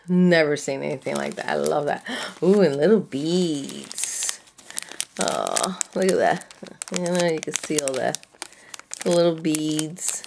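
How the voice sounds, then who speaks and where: A woman's voice: low-pitched, expressive, slow pace, darkish tone, slight background noise. A woman chatting casually as she unboxes craft supplies, gushing and gasping with delight over each item. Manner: gushing, breathy gasps and delighted exclamations. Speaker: craft vlogger.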